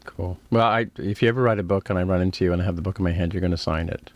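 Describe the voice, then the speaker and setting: A man hosting a podcast, running through rapid questions with short, upbeat reactions. His voice is low. The recording sounds dry and close, with no room echo. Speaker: podcast host. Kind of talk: quick-fire interview questions.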